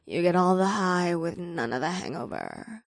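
A woman's voice: on the low side, big pitch swings, moderate pace, vocal fry, no room sound, clean studio sound. A woman voicing a tipsy, cheerful young witch who slurs her words. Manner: slurred, hiccupy speech. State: drunk.

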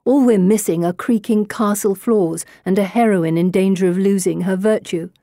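A woman's voice: medium pitch, normal speed, warm tone, no room sound, studio quality, lightly acted. A woman voicing a bold, scornful young ringleader. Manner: commanding, grandly declaiming.

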